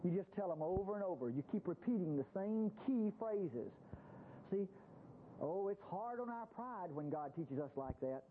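A man's voice: high voice, expressive, moderate pace. Man preaching, conversational, folksy, phone-thin radio broadcast. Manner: folksy, conversational, acts out quotes in voices. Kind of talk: sermon, Bible teaching. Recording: tinny phone-like radio broadcast with faint hiss.

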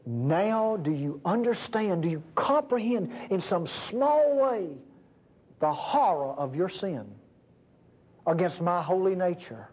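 A man's voice: high-pitched, big pitch swings, slow, breathy edge, exaggerated voice. A man preaching, voicing God as a grieved, tender father who speaks earnestly and pleads with Adam. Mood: grave. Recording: dull lo-fi recording.

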